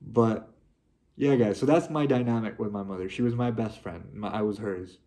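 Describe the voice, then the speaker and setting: Soft-spoken young man, heartfelt. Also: fairly low pitch. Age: young adult. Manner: heartfelt, halting with many restarts. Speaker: vlogger. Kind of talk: personal reflective monologue.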